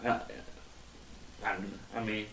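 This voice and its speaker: A man joking around on a podcast, his middle-pitched voice caught from a step back in a roomy, echoing space. He banters loosely and slips into short quoted voices for his bits. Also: slow, a bit bright, distant mic. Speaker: podcast co-host. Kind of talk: casual chat. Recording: echoey room mic set back.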